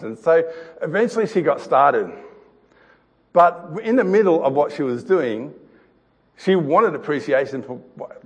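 Pastor telling a story in a reverberant hall. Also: male voice, a little high, breathy edge. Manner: storytelling with repeated words and chuckles. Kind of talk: sermon.

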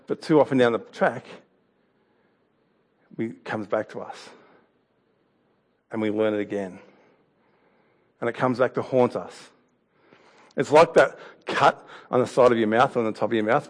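A man preaching a sermon, telling a story and an anecdote in a conversational way with some laughs. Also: mid-range voice.

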